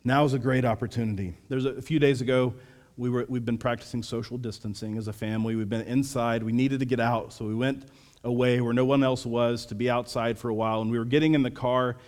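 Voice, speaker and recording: A pastor in his thirties delivers a sermon in an earnest, measured mid-range voice, sometimes dropping into a soft, quiet tone. A long hall reverb trails his words.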